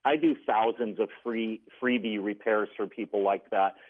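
On a tinny phone line, a lowish-voiced man at normal speed calls in to a radio program. He earnestly relates a story, quoting and acting out what each person said.

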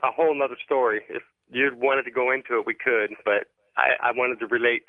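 A man's voice: mid-range voice, fairly even intonation, brisk, no echo. A man calling in to a radio show and telling a rambling story, hesitating often with ums and restarts. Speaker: caller. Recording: phone line.

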